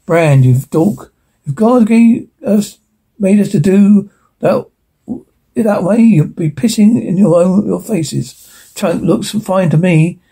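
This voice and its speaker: A man with a high-pitched, warm, slightly rough voice slowly reads a film transcript aloud without rehearsal. He stumbles and restarts, using the same voice for every character and stage direction.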